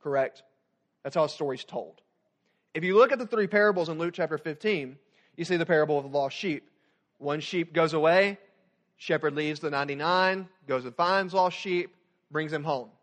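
Animated young man preaching. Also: on the high side, moderate pace. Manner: animated preaching, rises loud then drops soft. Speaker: student pastor. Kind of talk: sermon.

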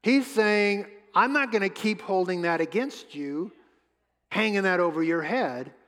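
A man preaching a sermon as pastor, emphatic, repeating his words and pausing often. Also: high-pitched, expressive, fairly bright tone. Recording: long hall reverb.

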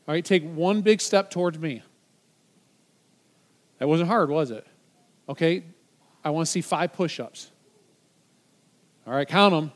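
High-voiced pastor preaching casually. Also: male voice, normal speed, pauses often. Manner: conversational, encouraging, with playful stage banter. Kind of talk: sermon. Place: church sanctuary stage.

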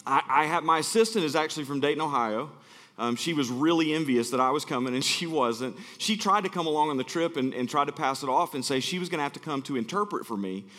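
Joking preacher in a reverberant church. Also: male voice, a little high, fast talker, fairly bright tone. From Alabama, USA. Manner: chatty, joking, self-deprecating storyteller. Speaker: guest preacher. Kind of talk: sermon. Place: church sanctuary.

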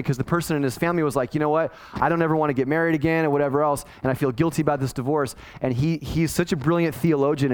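A middle-aged man, a pastor, preaching a sermon in a casual, conversational way and acting out the people he quotes. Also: mid-range voice. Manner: conversational, animated, acts out quoted voices.

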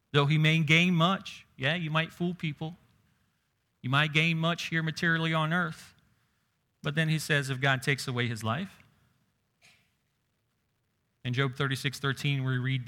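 A man's voice: a little high, bright, forceful tone. A man preaching a sermon in a conversational way, raising his voice when quoting scripture.

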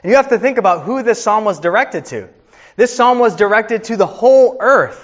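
A man's voice: sits high, animated, brisk, dull audio. A man in his thirties, a pastor preaching a sermon with earnest storytelling.

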